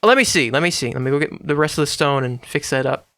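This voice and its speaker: A man's voice: fairly high pitch, expressive, fast, fairly bright tone, no echo. A man hosting his own gaming channel, giving casual, rambling, jokey commentary to himself while he builds in a game.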